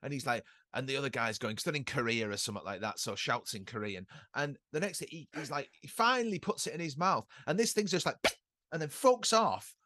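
Lively man telling stories. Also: mid-range voice, fast talker, hardly any pauses, slight background noise. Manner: rambling anecdotes with swearing and impressions. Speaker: podcast co-host. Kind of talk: casual chat.

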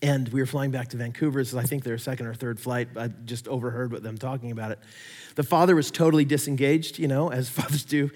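A man preaching a sermon, telling stories with animated swings between loud emphasis and quiet asides. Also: mid-range voice, quick pace, long reverb tail. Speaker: pastor.

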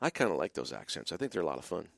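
This deep-voiced, middle-aged biker church pastor hosts late-night call-in radio, talking very fast with a creaky, fairly bright tone and big pitch swings. His chat rambles playfully with plenty of fillers, restarts, and mock-drawling asides, and there's no echo.

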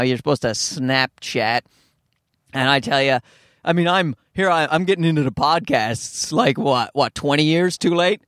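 A man's voice: on the high side, no room sound, clean studio sound. A man from Newfoundland, Canada with a Newfoundland accent, a stand-up comedian rambling through a self-deprecating podcast monologue, swearing freely and mimicking people. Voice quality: nasal. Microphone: podcast microphone.

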